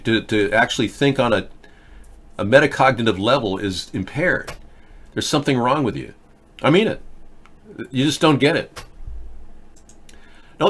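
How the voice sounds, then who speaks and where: A man's voice: medium pitch, fairly bright tone. A man hosting a live political video chat show, talking bluntly and rambling, restarting his words and answering viewers in the chat. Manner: replies to chat viewers, mocks them. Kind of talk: casual live-stream talk.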